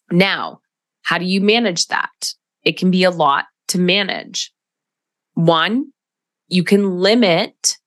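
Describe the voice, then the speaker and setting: Woman podcast host, slow and low, reflective coach who keeps asking "right?", dry booth sound. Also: fairly bright tone, no room sound. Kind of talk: solo podcast monologue.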